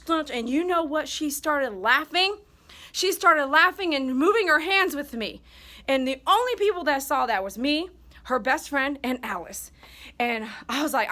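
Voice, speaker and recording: Bright-voiced woman dog groomer telling a story. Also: fairly high pitch. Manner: emphatic, heartfelt storytelling. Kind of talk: casual vlog monologue.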